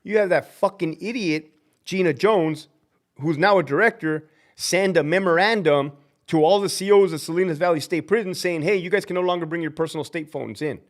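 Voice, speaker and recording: A man hosting a live stream as a prison guard, talking in a blunt, fired-up, profane way and acting out quoted people. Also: a little fast. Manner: acts out quoted people with big pitch jumps. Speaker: livestream host and prison guard.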